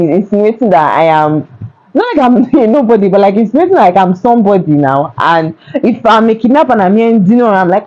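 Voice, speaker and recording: A woman's voice: mid-range voice, brisk, lo-fi sound. Woman telling a dramatic story. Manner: animated retelling, repeats words for emphasis. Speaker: vlogger. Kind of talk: casual storytime. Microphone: phone.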